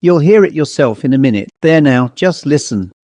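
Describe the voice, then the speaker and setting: A man reading an audiobook and voicing a rector's flustered, chattering housekeeper in a higher, rustic voice. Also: lively intonation, normal speed, mellow, dry recording, lightly acted. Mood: agitated. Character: agitated woman, a rector's gossipy housekeeper.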